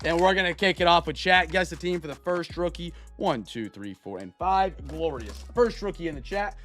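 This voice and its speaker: A man's voice: on the high side, normal speed, a bit bright, faint music behind. A young man hosting a live card break stream, chatting upbeat with viewers, greeting them by name and stretching out hype calls.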